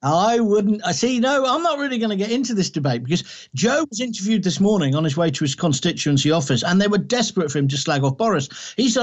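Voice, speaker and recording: A man's voice: high voice, lo-fi sound. A man from the English Midlands giving heated, emphatic political commentary as a guest, ranting and combative.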